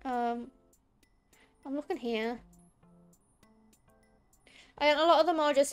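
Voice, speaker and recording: A woman's voice: sits high, takes it slowly, long pauses, faint music behind. A young woman, chatting casually on a gaming stream, rambling with lots of fillers and restarts. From Liverpool area, England. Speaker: VTuber streamer.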